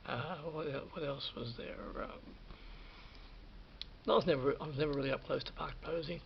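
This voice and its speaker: Speaking at a normal speed with a fairly high, steady, creaky voice, a man around fifty tells an anecdote about his days in film for his vlog. The story rambles, with restarts and abrupt dips into a whisper, captured on a dull lo-fi recording with slight background noise.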